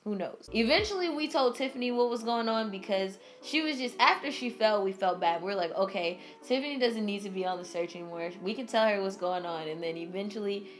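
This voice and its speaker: A young adult woman vlogger telling a funny story in a casual, animated way, full of "like" and dramatic re-enactment. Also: mid-range voice.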